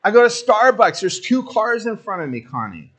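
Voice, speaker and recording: Animated man preaching a casual sermon. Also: sits high, normal speed. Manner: conversational and animated, acting out his own impatience; reads scripture aloud, then explains it. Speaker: pastor.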